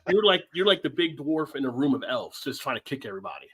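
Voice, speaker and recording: A man rambling through a casual podcast chat at a quick clip, his pitch jumping all over, with a husky edge to his voice. He laughs easily as he goes. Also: very animated, a bit bright. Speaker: podcast co-host.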